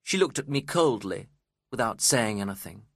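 A man reading a story aloud as its narrator, in a slow, measured and expressive way. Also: lowish voice, gravelly, husky, no echo, clean studio sound.

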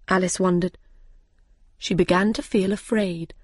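A woman narrating a storybook in a clear, deliberate, expressive way. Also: medium pitch, dry recording, studio quality. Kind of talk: slow graded storybook reading.

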